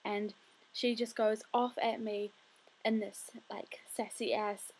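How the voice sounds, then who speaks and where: A woman's voice: mid-range voice, level tone, slow, a little mellow, slightly rough. A tired young woman telling a story in a chatty, rambling way with many fillers. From New Zealand. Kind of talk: casual storytelling vlog.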